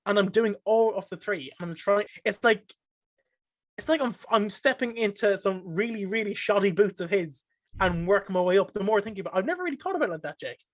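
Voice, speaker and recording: An excitable young Irish man with a high voice talks as a guest on a casual podcast. He gets emotional and animated as he speaks. The sound is dry and close-miked. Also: a little fast, dry recording. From Ireland. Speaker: podcast guest, streamer and caster.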